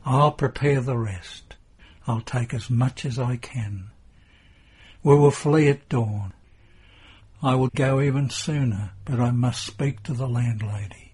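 A man reading the part of Joseph, an anxious husband speaking low and urgently to his wife. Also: takes it slowly, a little mellow, breathy edge.

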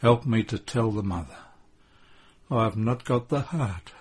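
A man's voice: lowish voice, unhurried, husky. A man voicing a remorseful young disciple who pleads through sobs during a devotional story reading. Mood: pleading. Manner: sobbing, broken pleading.

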